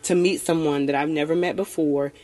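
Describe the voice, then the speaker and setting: A woman's voice: deep voice, fairly even intonation, fairly quick, mellow. A woman in candid casual chat, frank and profane, laughing often and a little tipsy. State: tipsy from tequila. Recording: long reverberant room.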